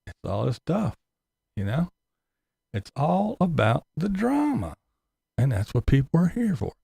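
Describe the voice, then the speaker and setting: A man's voice: a little high, wildly swooping pitch, unhurried, creaky, dark tone, breathy edge, no echo. A man giving a sarcastic, profane ranting commentary as a YouTube commentator.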